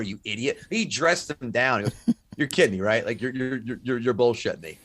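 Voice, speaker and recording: A man's voice: mid-range voice, expressive, brisk, a bit bright, dry recording. A man trading profane, blunt sports trash talk in a casual podcast chat. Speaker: podcast guest.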